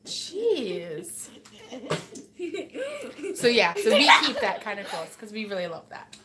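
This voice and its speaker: A woman's voice: mid-range voice, sing-song, slow pace, crowd noise. A woman hosting a casual live stream as a mother, chatting and reading viewer comments while scolding her child. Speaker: host and mother.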